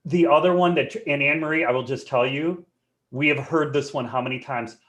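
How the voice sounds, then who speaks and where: A man presenting a live webinar in a joking, conversational and animated way. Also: on the high side, a little fast, lo-fi sound.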